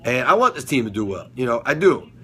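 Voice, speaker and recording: A man's voice: medium pitch, big pitch swings, fast talker, a bit bright, slight background noise. A man hosting a casual solo vlog about football and TV, rambling with lots of fillers and restarts, swearing casually now and then. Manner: swears casually, laughs at his own jokes. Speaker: sports and TV review vlogger.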